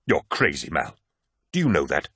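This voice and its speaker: A man's voice: very deep voice, huge pitch swings, moderate pace, a bit bright, breathy edge, no echo, clean studio sound, voice pushed down, heavily acted. A man reading an audiobook, voicing a blunt, defiant male veteran warrior with a sardonic edge. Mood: incredulous. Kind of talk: audiobook character voice.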